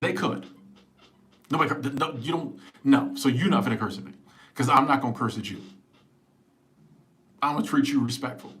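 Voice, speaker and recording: Animated man in his forties chatting live. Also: medium pitch, fairly quick, long pauses. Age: 40s. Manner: animated, emphatic, joking. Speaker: live-stream host. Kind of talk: casual live-stream chat answering viewers. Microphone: small wireless clip-on mic.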